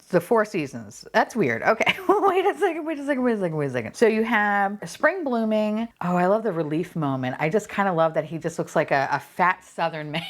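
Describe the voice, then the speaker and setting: Excitable, swearing woman unboxing toys. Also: lowish voice. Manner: excitable and profane, gasping and squealing at finds. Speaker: unboxing vlogger. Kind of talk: casual unboxing chat.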